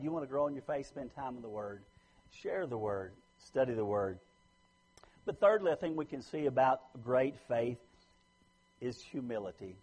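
Male preacher from the US, husky mid-range voice, mid-sermon with big swings from loud and emphatic to low and quiet. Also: low-quality recording. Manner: lively preaching, rising loud for emphasis then dropping low.

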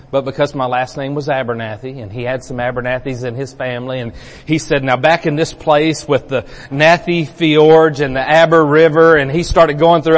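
A man's voice: on the high side, long reverb tail. A man preaching a sermon in a church, telling stories in a folksy way with many repeated words.

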